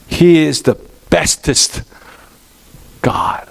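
Animated pastor preaching, man. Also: fairly high pitch, unhurried, creaky. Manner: animated, asks the congregation questions. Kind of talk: sermon.

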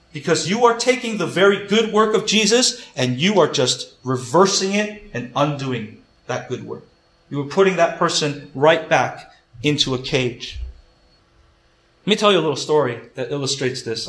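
A man's voice: on the high side, a bit bright. A man preaching a sermon, earnest and emphatic, retelling a story and repeating his key points. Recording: echoey room.

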